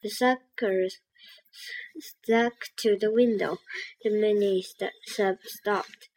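A woman reading a children's book aloud, halting and restarting on words. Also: mid-range voice, steady tone, a little mellow, low-quality recording. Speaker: reader.

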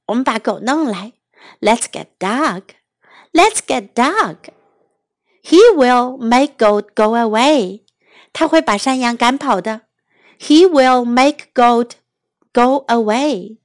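A woman teaching children English, slowly repeating each short phrase with a translation. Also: high-pitched, fairly bright tone, no room sound, studio quality. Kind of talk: bilingual phrase drill for kids.

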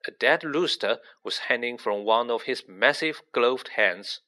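A man reading a storybook aloud, narrating in an expressive, measured way. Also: medium pitch. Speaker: audiobook narrator.

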